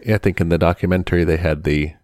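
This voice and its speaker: A man's voice: low voice, fairly even intonation, quick pace, a little mellow, no room sound, clean studio sound. A man co-hosting a casual podcast chat, rambling and hedging with "you know" and "I don't know". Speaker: podcast co-host.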